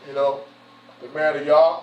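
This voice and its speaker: A man with a slightly high, somewhat mellow voice speaks at normal speed with flat delivery. Acting as a church elder, he gives an informal, folksy address in a church hall, repeating himself and often saying "you know" and "man." The recording is roomy, distant, and dull.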